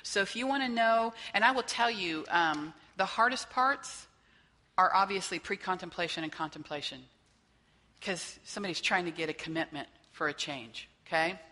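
Woman teaching a church workshop, kinda low voice but bright, chatty, keeps asking "okay?", big echoey hall. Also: moderate pace. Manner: conversational, checks in with listeners by asking "okay?". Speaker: workshop trainer. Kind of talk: teaching a faith-based training session.

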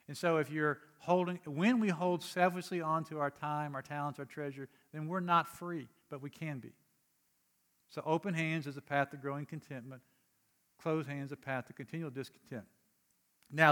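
A man delivers a sermon to his congregation in a fairly high voice. He talks in a conversational way, dropping quiet for explanation and rising for emphatic urging. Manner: conversational preaching, swings from soft to emphatic. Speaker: pastor.

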